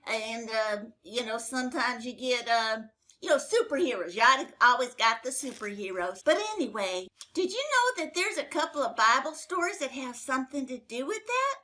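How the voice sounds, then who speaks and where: An older woman telling Bible stories to children in a folksy, chatty way, with fillers and lively exclamations. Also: sits high. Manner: animated, exclaiming. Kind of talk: storytelling to children.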